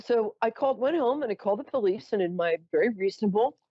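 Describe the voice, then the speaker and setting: A woman's voice: mid-range voice, lively intonation, fast talker, dry recording, lo-fi sound. A woman hosting a psychic call-in show, telling a story in a chatty, theatrical way with self-mocking asides. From New York. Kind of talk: casual storytelling to callers.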